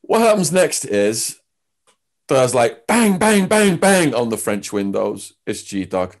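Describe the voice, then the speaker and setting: English man, interview guest, lively storytelling, mid-pitched voice. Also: slow pace. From England. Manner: animated, with big swings in pitch and loudness.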